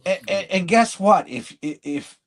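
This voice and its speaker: A man with a slightly high voice talks in casual podcast chat. He is blunt and rambling, cutting himself off and restarting mid-sentence. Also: measured pace. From living in Michigan. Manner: rambling, blunt, self-interrupting. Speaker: podcast co-host.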